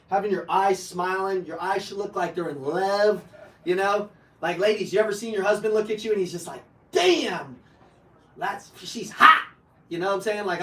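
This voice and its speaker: A man in his thirties giving a live sales training to an audience, loud, joking and profane, full of energy. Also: sits high. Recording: echoey room, heard from a distance.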